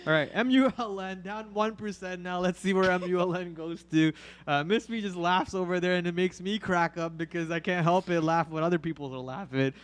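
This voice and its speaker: A joking, bantering man co-hosting a live trading show, chatting casually about the market. His voice sits a bit higher than most men's. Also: clear, resonant tone. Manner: joking, bantering, quick asides. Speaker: trading stream co-host.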